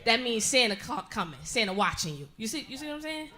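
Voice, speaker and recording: On a comedy stage before a live audience, a woman in her thirties delivers a brash, profane stand-up set, laughing through her own lines. Her voice is fairly high, sing-song, fast, pushed and bright.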